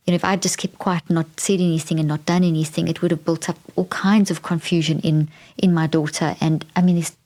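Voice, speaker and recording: Middle-aged female podcast host, low pitch, candid personal storytelling, reflective. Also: steady tone, a little fast, few pauses, mellow. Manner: reflective, candid, with frequent restarts.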